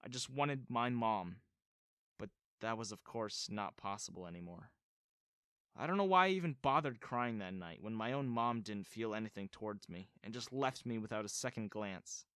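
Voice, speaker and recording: A man narrating an animated story in the first person, telling it expressively. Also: fairly low pitch, moderate pace, clean tone, no echo, studio quality.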